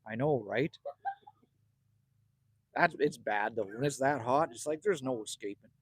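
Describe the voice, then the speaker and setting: A man's voice: medium pitch, a little slow, breathy edge, no room sound. A middle-aged Canadian man hosting a casual outdoor livestream, joking and greeting viewers by name as he reads their comments. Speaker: livestream host. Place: outdoors at a cabin.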